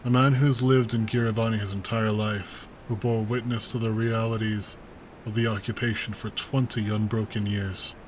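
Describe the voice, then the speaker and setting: A man voicing an older male resistance commander while reading game dialogue aloud, earnest and measured. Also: fairly low pitch, flat delivery, a little hiss or hum, natural voice, poor audio.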